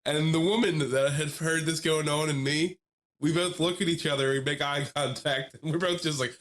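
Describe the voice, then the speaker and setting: A man co-hosting a podcast, telling a long story in casual chat with lively animation, often laughing and mimicking the people he quotes. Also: a little high, normal speed. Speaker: podcast co-host.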